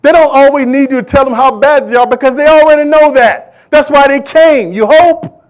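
A man's voice: very high-pitched, a little fast. A man preaching a sermon in church, with an impassioned, repetitive cadence, talking directly to the congregation. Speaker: pastor.

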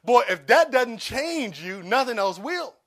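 A man preaching a sermon as pastor, swinging between quiet asides and loud, pleading emphasis. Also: very high voice, big pitch swings, unhurried.

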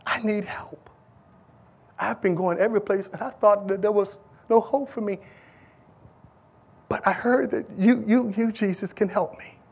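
A man voicing a broken, weeping woman who begs for help in a hushed, stammering whisper during a sermon. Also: high voice, a little slow, creaky, long pauses, husky, heavily acted. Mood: pleading.

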